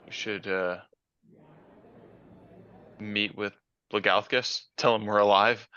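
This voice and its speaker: Easygoing male player, slow, crisp bright tone, muffled lo-fi recording, faint music. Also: lowish voice, fairly even intonation. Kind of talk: casual tabletop play. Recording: dull lo-fi mic.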